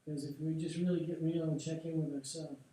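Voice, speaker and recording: A man leading a group tapping session, talking in a gentle, encouraging way. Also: a little high, flat delivery, quick pace. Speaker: workshop leader. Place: workshop studio room. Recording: echoey room, mic far off, faint noise.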